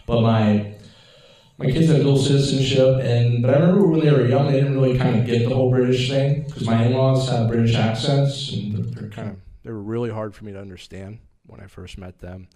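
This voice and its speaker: A man's voice: medium pitch, fairly even intonation, fairly quick, warm tone, low-quality recording. A man in his fifties telling stories in a stand-up comedy set, rambling and hesitant, with a self-deprecating manner. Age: 50s. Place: small comedy venue.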